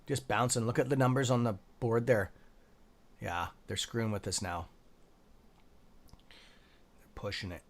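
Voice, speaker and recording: A young man hosting a live trading stream, reading chat and reacting with excitable, profane commentary and muttered asides. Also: medium pitch, normal speed, slight background noise. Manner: excitable, profane, talks to viewers by nickname; mutters asides to himself under his breath. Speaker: stock trading livestream host.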